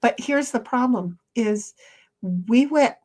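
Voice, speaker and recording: A woman live streamer chatting casually and reading viewer comments aloud, rambling with frequent restarts and soft trailing asides. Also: fairly high pitch, animated, slow.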